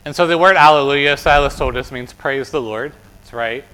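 A man's voice: mid-range voice, normal speed, sharp tone, clear, resonant tone, poor audio. A man with an American accent giving a children's sermon as pastor, chatty and asking the kids questions, tagging "right?" onto his points. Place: church sanctuary.

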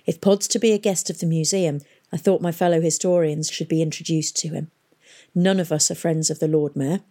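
A woman voicing a kindly elderly male historian in a storybook reading, gentle and soothing. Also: sits low, fairly even intonation, fairly quick.

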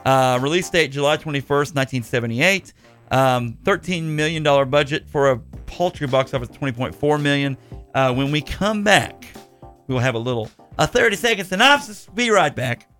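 A man's voice: on the high side, normal speed, a bit bright. Podcast host guy, jokey and rambly, faint music under. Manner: jokey, rambling, many fillers. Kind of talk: casual podcast chat.

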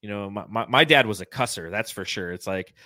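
A man's voice: lowish voice, brisk, dry recording. A man from California, co-hosting a casual sports podcast and telling stories animatedly with lots of laughter. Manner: storytelling, laughing often, animated. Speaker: podcast co-host.

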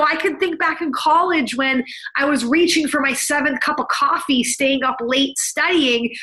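A woman in her thirties talks straight to her listeners with lots of energy and emphasis. Her voice sits high and sounds bright and sharp. She coaches in a friendly, conversational way. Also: low-quality recording. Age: 30s. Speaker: podcast host. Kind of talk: solo podcast monologue.

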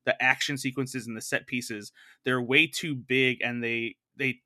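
A man's voice: mid-range voice, steady tone, unhurried, pushed and bright, no echo, clean studio sound. A man co-hosting a film podcast, reviewing movies in a rambling, earnest way with many fillers and restarts. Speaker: film editor, podcast co-host. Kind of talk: casual film review chat.

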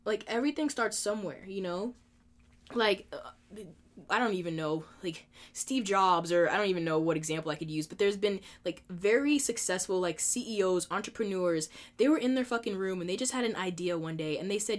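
A woman's voice: mid-range voice, brisk. A woman in her twenties hosting a podcast, talking candidly and emotionally in a casual monologue, filling her speech with "like" and swearing freely. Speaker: podcast host.

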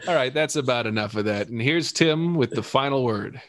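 A man's voice: mid-range voice, fairly quick, a bit bright, no room sound, clean studio sound. A man co-hosting a casual podcast chat, rambling with stumbles and restarts and laughing often. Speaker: podcast co-host.

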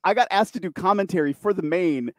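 Man, casual chat, fairly high voice, dry close sound, rambling. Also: fast talker, no echo. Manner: rambling, restarts, voices others in quotes. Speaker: podcast host, wrestling commentator.

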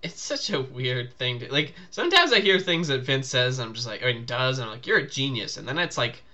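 A man's voice: medium pitch, expressive, brisk, sharp tone, muffled recording. A man co-hosting a casual podcast, laughing often and rambling. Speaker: podcast co-host. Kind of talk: casual chat.

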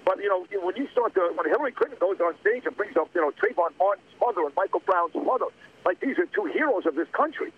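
A middle-aged man calling into a talk radio show by phone from a windy street, ranting in a rapid, heated, rambling way. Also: high voice, expressive, slightly rough. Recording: muffled phone line.

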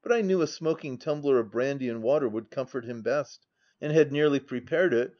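A man's voice: mid-range voice, fairly quick, muffled recording. Man reading a classic novel aloud. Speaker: audiobook narrator. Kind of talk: scripted narration of a novel.

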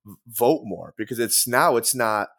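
A man's voice: medium pitch, expressive, moderate pace, a bit bright. Rambling, profane young man. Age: young adult. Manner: rambling, profane, filler-heavy storytelling. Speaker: musician guest. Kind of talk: casual podcast chat.

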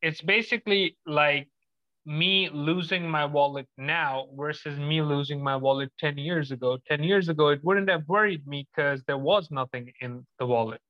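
A man's voice: a little high, moderate pace, no echo, highs cut off. A man on a call in casual conversation, explaining his point thoughtfully with examples.

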